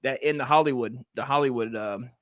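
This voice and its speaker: A man's voice: mid-range voice, a little fast, a bit bright. A man from the United States co-hosting a comedy podcast, talking in rambling, profane bursts that trail off mid-thought. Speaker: co-host. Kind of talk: casual comedy podcast chat.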